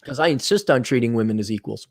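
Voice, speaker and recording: Animated man ranting blunt advice. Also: medium pitch, fast. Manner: animated, acts out quoted voices, blunt advice. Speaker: podcast host. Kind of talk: casual ranting chat. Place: Twin Cities area, indoors.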